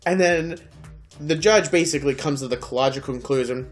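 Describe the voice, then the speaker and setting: Young male podcast co-host, animated ranting storyteller, slightly high voice, faint music bed. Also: brisk. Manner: animated, swearing, acts out scenes. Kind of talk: casual chat.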